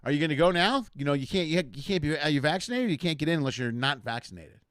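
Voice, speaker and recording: A man's voice: a little high, animated, fast, fairly bright tone, no room sound. A man from the area, a comedian hosting a casual live chat show and rambling jokily. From Chicago area. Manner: rambling, jokey, self-deprecating.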